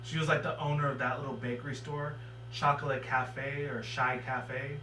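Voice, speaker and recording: A man's voice: medium pitch, level tone, normal speed. A man giving a casual spoken review of a cartoon episode, rambling and swearing freely. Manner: rambling and profane, with loose filler. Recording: echoey room, mic at a distance, faint hum.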